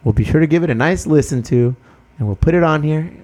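A man's voice: a little high, fast talker, a little mellow. Man, casual profane podcast host. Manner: loose, profane, laughing, drops Spanish phrases.

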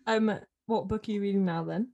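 A British woman co-hosts a laid-back podcast chat. Her voice sits at an ordinary middle pitch, and she keeps the talk light and easygoing. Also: a little fast, creaky, a little mellow, muffled recording. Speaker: podcast co-host. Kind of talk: casual chat.

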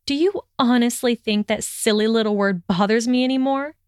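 A proud young witch with a sharp tongue, her voice climbing high and shrill as she snaps back, put on by a woman reading the story aloud. The delivery is smooth and clear, with a dry, close sound. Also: normal speed, no room sound, close to an everyday voice. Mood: furious. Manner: snapping, raised and shrill when angry.

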